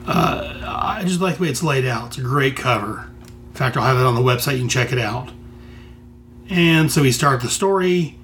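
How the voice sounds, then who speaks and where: A man's voice: medium pitch, lively intonation, normal speed, a bit bright, slight background noise. An American man hosting a podcast, talking through a comic enthusiastically with lots of rambling and restarts. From United States. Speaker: podcast host reviewing comics. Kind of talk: casual solo commentary.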